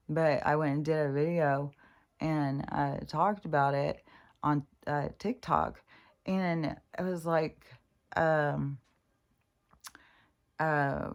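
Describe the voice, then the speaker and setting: A woman in a casual vlog, rambling and exasperated, swearing freely and growing loud when indignant. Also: fairly even intonation, unhurried. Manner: grows loud and high-pitched when indignant. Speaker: vlogger. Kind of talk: casual spiritual vlog rant.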